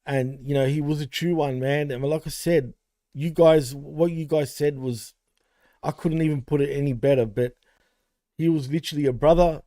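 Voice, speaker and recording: A man's voice: on the high side, steady tone, normal speed, dark tone, dry recording. A man co-hosting a wrestling podcast, paying a rambling, heartfelt tribute to a late friend, full of fillers. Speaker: podcast co-host.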